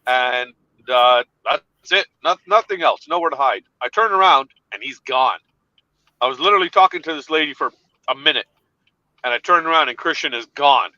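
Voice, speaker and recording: A man telling an animated story in a casual chat, laughing along as he goes. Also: on the high side, normal speed, no echo, lo-fi sound.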